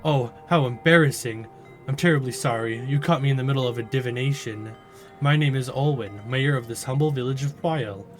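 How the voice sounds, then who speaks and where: A man's voice: medium pitch, fairly quick, faint music behind, lightly acted. A man voicing a nervous, flustered female village mayor from a game, fussy, polite and overly reassuring.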